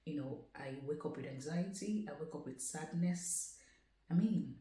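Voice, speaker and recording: A woman's voice: sits low, moderate pace, mellow, echoey room, rough recording. A woman vlogger talking earnestly and conversationally about her own experience, with many casual fillers. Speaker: vlogger sharing a personal story. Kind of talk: casual personal talk to camera.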